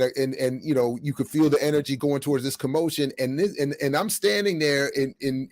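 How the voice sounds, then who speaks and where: A middle-aged podcast host with a fairly high-pitched voice tells a story casually and with animation, acting out what people said. The recording has no room sound.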